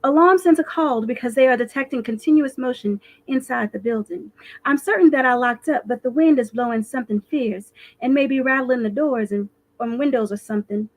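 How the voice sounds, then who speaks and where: A woman reading aloud, voicing a young female school caretaker who talks urgently and a bit higher. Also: fairly quick, a little mellow.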